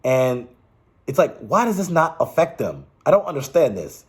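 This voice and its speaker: A man's voice: mid-range voice, sing-song, normal speed, slightly rough. A man giving casual, rambling political commentary, exasperated and restarting his sentences often.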